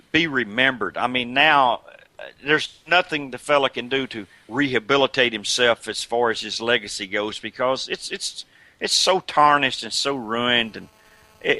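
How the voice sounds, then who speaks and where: An older man in a casual interview, chatting in an animated way about his career and breaking into imitations and laughs as he tells stories. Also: mid-range voice, dry recording. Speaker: guest, retired wrestler.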